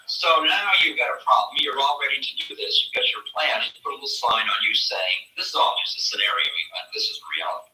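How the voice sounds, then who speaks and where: Animated man telling a spiritual talk. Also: medium pitch, a little fast, hardly any pauses, roomy sound, far from the mic, poor audio. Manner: animated storytelling, acting out voices. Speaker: spiritual teacher.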